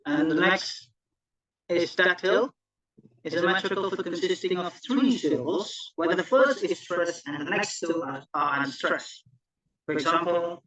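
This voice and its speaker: A man student reads his part of a class presentation, now and then stopping to correct himself. He talks slowly, and his voice is rather high for a man. His tone is bright and a little tense. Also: poor audio. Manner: correcting himself, restarting words. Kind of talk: class presentation read from notes.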